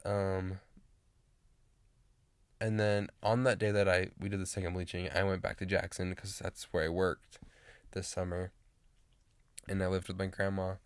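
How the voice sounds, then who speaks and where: A man's voice: sits low, flat delivery, moderate pace, long pauses, clean tone, no room sound. A man in his late teens chatting casually to camera, rambling with lots of fillers and restarts. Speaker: vlogger.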